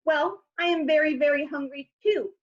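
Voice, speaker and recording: A woman's voice: sits high, normal speed, highs cut off, voice pushed up, lightly acted. A woman voicing a hungry, bossy male troll in a read-aloud storybook, roaring his lines. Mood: demanding.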